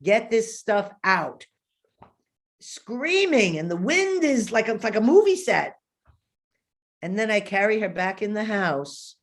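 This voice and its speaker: Speaking at a measured pace with medium pitch, a woman in her fifties recounts a lengthy personal story as an interview guest. She tells it in a lively way, voicing the people she quotes.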